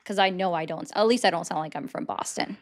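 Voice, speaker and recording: A woman hosting a casual live-stream chat, talking in a chatty, sarcastic way with quick asides. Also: fairly low pitch. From United States. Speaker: host.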